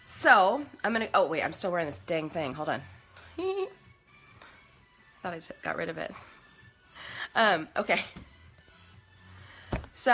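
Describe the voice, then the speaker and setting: A woman's voice: mid-range voice, sharp tone. A woman hosting a casual live makeup stream from home, chatty and bubbly as she talks to her viewers. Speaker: makeup livestream host.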